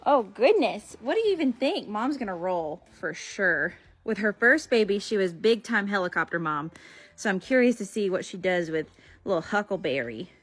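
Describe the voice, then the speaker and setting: A woman's voice: medium pitch, animated, moderate pace, husky. A woman filming her foals in a barn, gushing at them in casual baby talk. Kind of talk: casual vlog talking to foals. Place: horse barn and arena.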